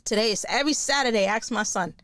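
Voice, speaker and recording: Loud-mouthed lady podcaster in her 40s, cussing away, highish voice, dry close mic. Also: fast, dry recording. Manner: blunt, profane, animated. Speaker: podcast host. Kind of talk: casual monologue.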